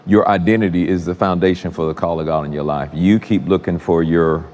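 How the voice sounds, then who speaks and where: A man's voice: low-pitched, fairly even intonation, a little fast, darkish tone, dull audio. A man preaching a sermon, chatty and repetitive, talking straight to his congregation. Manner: conversational, repetitive, addresses congregation directly. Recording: long hall reverb.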